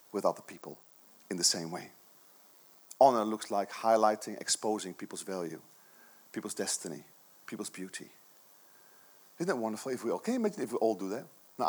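A middle-aged man preaching a sermon to his church, earnest and conversational, with many rhetorical questions. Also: lowish voice. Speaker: pastor.

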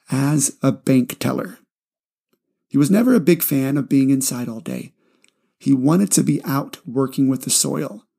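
A man narrating a short story and giving casual self-help advice in a relaxed, chatty way. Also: medium pitch, vocal fry.

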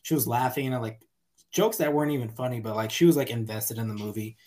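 A man co-hosting a podcast, telling a story in an excitable, profane, confessional way. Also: medium pitch, fast talker. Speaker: podcast co-host. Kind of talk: casual movie review chat.

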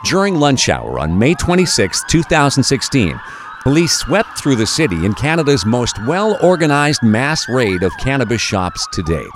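A man giving scripted documentary narration in a measured, expressive storytelling manner. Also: mid-range voice, noisy background.

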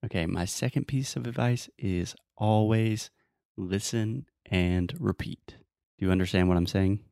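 A man's voice: on the low side, brisk, vocal fry, dark tone, clean tone, dry recording, studio quality. A young American man with a Southern accent, hosting a casual chat and giving step-by-step advice. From United States. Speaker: host.

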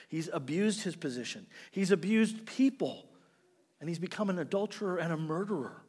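A man preaching a sermon as pastor, swinging from loud emphasis to hushed asides and acting out imagined prayers. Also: on the high side, husky. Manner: acts out imagined prayers and quotes in character.

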